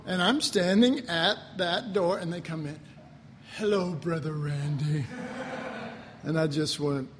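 An older man, a pastor, preaching a sermon in a folksy storytelling manner, often clearing his throat and chuckling. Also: high-pitched, expressive, normal speed, few pauses, background noise. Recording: long hall reverb.

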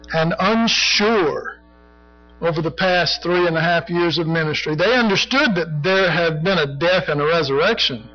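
A middle-aged or older man leads a Bible study in a loose, rambling preaching style, peppered with "you know" and clearing his throat. His voice sits high for a man. The recording is dull and lo-fi, with faint music underneath. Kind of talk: conversational sermon teaching.

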